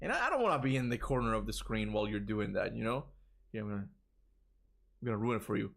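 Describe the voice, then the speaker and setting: A man's voice: fairly low pitch, lively intonation, fast, vocal fry, fairly bright tone. A young man with a Toronto accent chatting casually on a livestream, tired, rambling and restarting his words with frequent chuckles. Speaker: gaming streamer.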